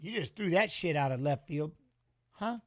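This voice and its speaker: A man hosting a live-stream watch-along, giving casual fight commentary in an excitable, slangy way and teasing the chat. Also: fairly high pitch, normal speed.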